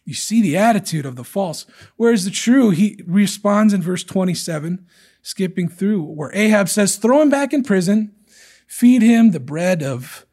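A man's voice: high-pitched, normal speed. A man preaching a sermon, walking through a scripture passage and acting out the characters' lines in changing voices. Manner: animated, acts out quotes from scripture in different voices.

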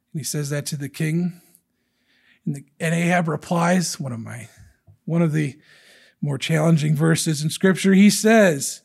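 Working through a passage of scripture in his sermon, this preacher brings it to life by voicing each character's quotes differently. He speaks with a slightly high voice and vocal fry, in an animated manner.

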